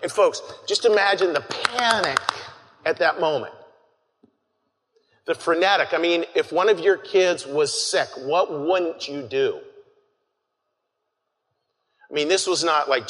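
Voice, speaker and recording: A man preaching an earnest, conversational sermon, often restarting his phrases and calling his listeners folks. His voice is bright and forceful. It rings out with a long reverb, as in a large hall. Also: on the high side, measured pace, long pauses. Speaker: pastor.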